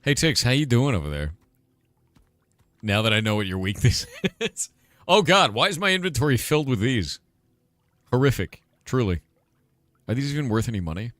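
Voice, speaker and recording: A man's voice: medium pitch, very animated, moderate pace, long pauses, a bit bright, no room sound. A man streaming a game, giving casual commentary and playfully teasing chat with silly mispronunciations. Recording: faint music behind.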